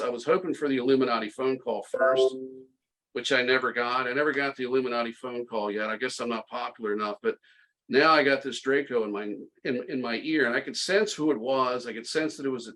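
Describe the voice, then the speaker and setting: A man's voice: mid-range voice, a bit bright, rough recording. A middle-aged man, a podcast guest, telling a story in a casual, tongue-in-cheek, sarcastic way, full of restarts.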